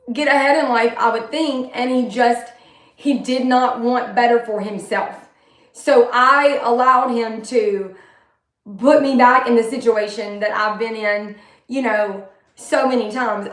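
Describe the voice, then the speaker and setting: A young adult woman talking candidly and emotionally in a rambling personal monologue. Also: sits high. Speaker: vlogger. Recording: echoey room.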